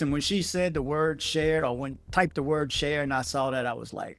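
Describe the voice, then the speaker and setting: A middle-aged man from Washington, D.C., with a D.C. accent, telling a travel horror story in a heated, animated vlog rant. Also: fairly high pitch, moderate pace, hardly any pauses, dry recording. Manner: animated, heated, acts out texted exchanges in raised voices. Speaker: vlogger.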